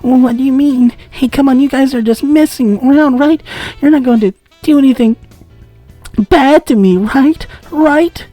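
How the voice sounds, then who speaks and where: A man's voice: very high-pitched, moderate pace, warm tone, no room sound, soft background music, pitched above the performer's own voice. A man doing a whiny, panicky bandit girl. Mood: nervous. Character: clingy, flustered young bandit girl.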